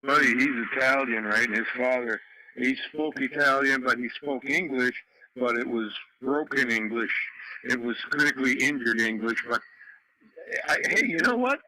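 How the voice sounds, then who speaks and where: A man's voice: medium pitch, moderate pace, bright, forceful tone, poor audio. A man from Canada telling rambling stories in a casual chat over a radio net, full of fillers and restarts. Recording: radio audio with faint noise.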